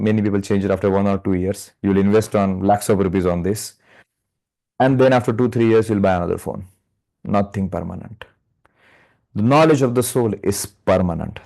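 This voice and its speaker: A man's voice: low-pitched, gravelly, warm tone. A man with an Indian English accent gives a live spiritual lecture over a video call, chatty and checking in with the class with "right?" and "yes or no?". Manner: conversational, keeps asking the class "right?" and "yes or no?". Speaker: meditation course instructor. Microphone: computer or phone mic on a video call.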